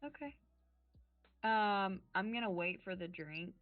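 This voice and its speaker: A woman's voice: mid-range voice, slow pace, no room sound, faint music behind. A woman playing a tabletop role-playing game, answering and acting boldly as her character. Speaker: player. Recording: tinny, dry phone-like sound.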